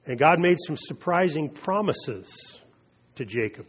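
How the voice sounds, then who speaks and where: A man preaching a sermon, retelling scripture with slow, emphatic pauses and drops in his voice. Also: fairly high pitch, lively intonation, husky. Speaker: pastor.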